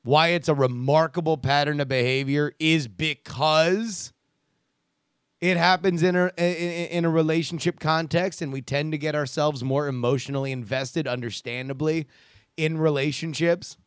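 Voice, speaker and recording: A man's voice: fairly high pitch, steady tone, normal speed, clear, resonant tone, no room sound, clean studio sound. A man hosting a casual commentary show who rants in a sarcastic, profane way and reads listener emails. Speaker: podcast host reading listener emails.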